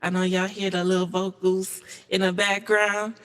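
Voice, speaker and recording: A man's voice: sits high, little pitch movement, moderate pace, a bit bright, smooth. A man appearing as a musical guest, speaking in short, laid-back replies.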